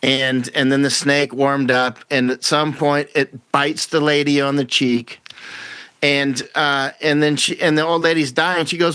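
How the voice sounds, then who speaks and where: A man's voice: fairly high pitch, fairly even intonation, measured pace, a bit bright, clean tone, no room sound. Man talking in a dry, close voice. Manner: rambling, repeats words, acts out quoted voices. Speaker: guest commentator. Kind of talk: casual conversational interview.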